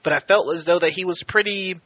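A man co-hosting a podcast, chatting casually and getting animated when he retells scenes. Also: sits high, quick pace, highs cut off. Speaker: podcast co-host.

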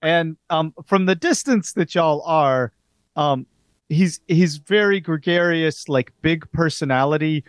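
A man narrating as game master in a relaxed, chatty way with many fillers. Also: medium pitch, dry recording.

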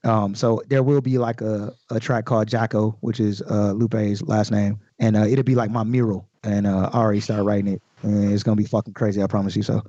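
A man's voice: lowish voice, little pitch movement, a little fast, few pauses, dark tone, no room sound, highs cut off. A man, a guest rapper on a podcast, breaking down his lyrics in loose, slangy casual chat full of swearing.

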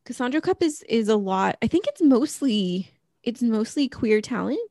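A woman's voice: on the high side, lively intonation, normal speed, dark tone, no room sound, studio quality. A middle-aged woman co-hosting a podcast, chatting casually and rambling with lots of fillers. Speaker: podcast co-host. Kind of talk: casual chat.

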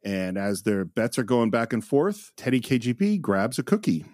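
A man's voice: mid-range voice, very animated, normal speed, darkish tone, no echo. A man co-hosting a film podcast, sharing his opinions with eager enthusiasm. His voice moves up and down freely, recorded close and dry. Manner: enthusiastic, laughs while giving opinions. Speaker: podcast co-host. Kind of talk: casual movie-review chat.

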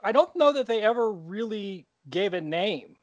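A man co-hosting a podcast in casual chat, telling stories in an animated way. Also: sits high, moderate pace, no echo, highs cut off. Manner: animated storyteller. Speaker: podcast co-host.

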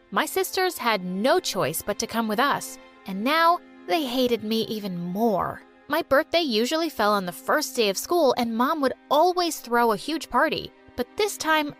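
A woman narrating a first-person story in a scripted, expressive and dramatic way. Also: on the high side.

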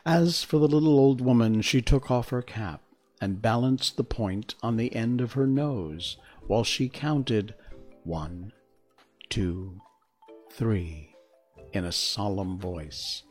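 A man reading a children's classic aloud on a stream, then chatting with viewers in an unhurried, wry way. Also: medium pitch, lively intonation, darkish tone, soft background music. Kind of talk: storybook narration and casual stream chat.

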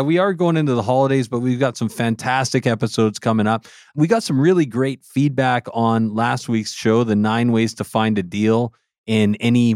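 A man's voice: medium pitch, a little mellow, no echo, studio quality. A man with a West Coast Canadian accent, co-hosting a casual podcast in an upbeat, enthusiastic way. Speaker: podcast co-host.

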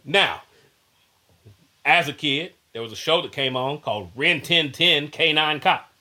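A man talks in a bright, somewhat high voice, lively and chatty. He tells stories with quick bursts of laughter and acts out what people said. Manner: animated, acts out quoted voices, laughs often. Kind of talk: casual chat.

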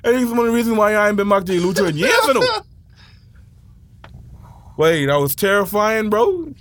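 A man telling a wild childhood story in a slangy, excitable way, shouting at the big moments. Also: high voice, moderate pace, a little hiss or hum. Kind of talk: animated casual storytelling.

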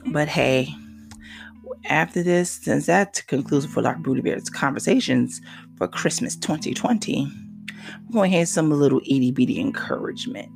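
Gravelly emotional male podcast host. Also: fairly high pitch, moderate pace, faint music behind. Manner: emotional, animated, drifts into soft whispery asides. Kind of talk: casual solo podcast talk.

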